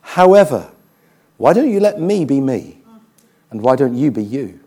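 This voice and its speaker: A man voicing God in a sermon story: a gentle, patient male voice, quiet and low. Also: very animated, unhurried, husky.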